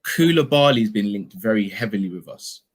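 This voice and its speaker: A man's voice: lowish voice, expressive, a little fast. A man hosting a casual live-stream chat, reading out viewer comments and steering the talk with pointed questions. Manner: leads discussion with probing questions.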